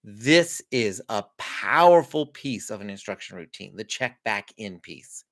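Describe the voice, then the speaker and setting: Lively, animated man coaching parents. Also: medium pitch, normal speed, gravelly. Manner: lively, conversational, laughs often. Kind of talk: instructional talk to parents.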